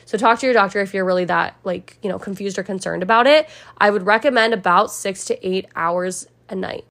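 A woman's voice: mid-range voice, fairly quick, a bit bright. A young adult woman, a personal trainer, hosting a casual solo podcast and talking straight to her listeners in a chatty, upbeat way. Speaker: podcast host.

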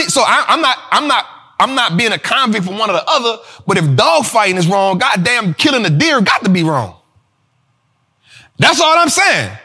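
On his own show, a host chats with viewers about money and investing, animated, profane, often laughing, and calling them "y'all." His voice is high-pitched and husky, moving at a moderate pace.

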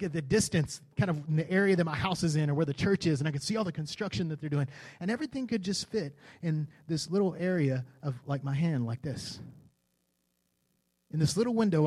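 A man's voice: fairly high pitch, a little mellow. A man, a pastor preaching a sermon, telling a personal story in a casual, conversational way and building to fervent declarations.

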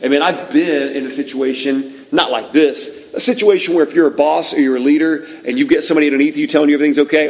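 A man preaching a sermon in a relaxed, conversational way, retelling a scripture story and acting out its moments. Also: fairly high pitch, fast, hardly any pauses, poor audio. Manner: conversational, animated storytelling that acts out the scene. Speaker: pastor.

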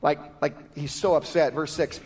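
High-voiced lively male pastor preaching. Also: moderate pace. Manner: conversational, lively, self-correcting preaching. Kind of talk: sermon with prayer and Bible teaching.

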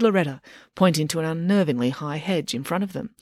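A woman, a children's author, reading her own book aloud as a gentle bedtime story, with expressive character voices. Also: low-pitched, brisk, dry recording, studio quality.

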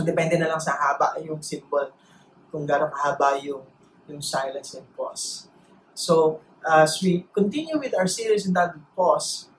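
A man with a Filipino accent preaching a sermon, mixing Tagalog and English and speaking with deliberate pauses. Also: on the high side. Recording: roomy echo, faint noise.

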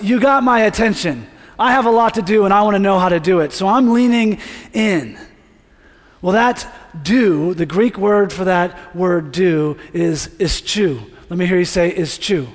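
High-pitched guy preaching, chatty, gets the crowd to repeat words, big church echo. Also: normal speed. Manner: conversational, asks the congregation to repeat words. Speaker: pastor. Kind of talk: sermon. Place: church sanctuary. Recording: long reverb of a large hall.

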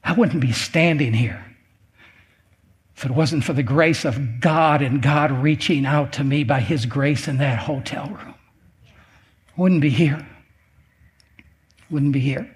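A man's voice: fairly high pitch, slow pace, long pauses. A male preacher telling a story in a sermon, emphatic and repeating phrases for effect.

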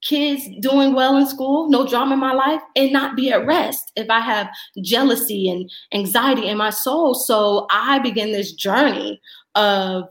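A woman guest on a faith podcast telling her testimony and acting out her own dialogue with lively energy. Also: fairly high pitch, measured pace, reverberant. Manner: animated storyteller, acts out her own dialogue.

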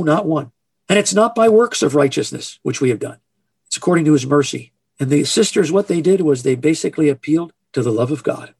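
A man preaching a sermon in an earnest, emphatic way, slowing down to stress key phrases. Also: a little high, darkish tone, slightly rough, dry recording.

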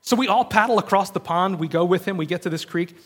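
A man delivers a sermon in a loose, conversational storytelling manner. His voice sits a bit high for a man. He peppers his talk with fillers and briefly acts out what people say. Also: steady tone, fast talker, a little hiss or hum. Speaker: pastor.

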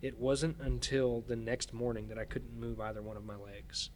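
A man of middle pitch tells a story as a podcast guest, halting often and circling back over his words. His telling is earnest and shaken. Faint ambience sits low behind him. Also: level tone, a little mellow, slight background noise. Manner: halting, repeats words and restarts while recounting. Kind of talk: casual storytelling.

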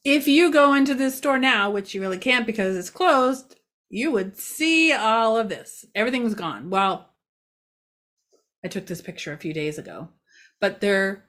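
A woman's voice: medium pitch, fairly bright tone. A woman giving a casual local news update outdoors near a parking lot, chatty and rambling, with many fillers and self-mocking asides.

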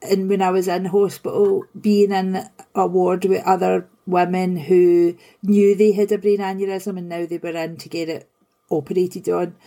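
A woman's voice: on the low side, flat delivery, moderate pace, warm tone. A woman hosting a conversation, reflective, asking probing questions and sharing her own experience. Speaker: host. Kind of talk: conversational interview.

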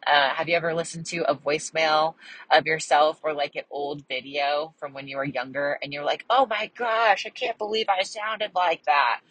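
A young woman talks to her listeners in a casual solo podcast. Her voice sits low and carries a husky edge. She chats in a bubbly way, leans on fillers, and still takes care to pronounce each word crisply. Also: fairly bright tone, dry recording, rough recording. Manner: bubbly, chatty, lots of fillers. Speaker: podcast host.

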